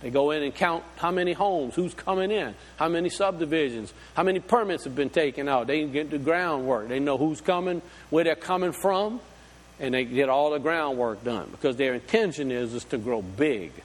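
A man's voice: fairly high pitch, normal speed, in a large hall. A man preaching a sermon, folksy and full of rhetorical questions. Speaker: pastor.

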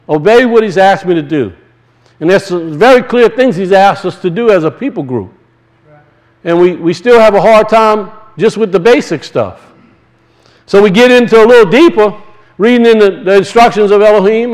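A man preaching a sermon, talking conversationally and with passion, drawing words out for emphasis and reading scripture slowly. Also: high-pitched, low-quality recording. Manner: reads scripture aloud slowly and deliberately.

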